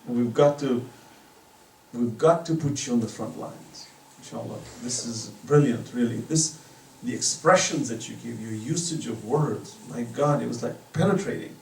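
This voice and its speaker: A man's voice: medium pitch, moderate pace, vocal fry. A man giving an impassioned religious lecture at a private home, mixing storytelling with moral teaching. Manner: impassioned, storytelling, varies loudness widely. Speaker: Islamic lecturer. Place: private residence. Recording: echoey room from far off, faint noise.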